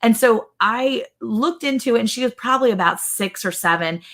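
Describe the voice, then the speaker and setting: A woman's voice: a little high, animated, normal speed, fairly bright tone. A middle-aged woman hosting a casual live chat, telling rambling stories and acting out quotes. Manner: rambling storyteller, acts out quotes. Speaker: host.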